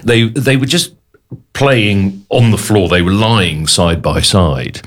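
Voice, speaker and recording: Low-voiced man in his forties, hesitant reflective talker. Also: slow pace, fairly bright tone. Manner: hesitant, thoughtful, many ums. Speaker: guest. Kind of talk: casual chat.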